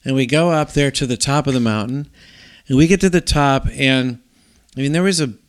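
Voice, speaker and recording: Rambling storyteller man, animated. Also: mid-range voice, a little fast, clear, resonant tone. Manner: animated, rambling with many restarts and "like". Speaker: guest telling a story. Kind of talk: casual storytelling.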